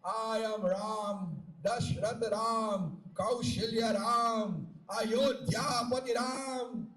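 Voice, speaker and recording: Guy doing a gentle young prince, soft and pleading, heard far off through echoey speakers. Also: high-pitched, fairly even intonation, drawn-out words, pitched below the performer's own voice, full character voice.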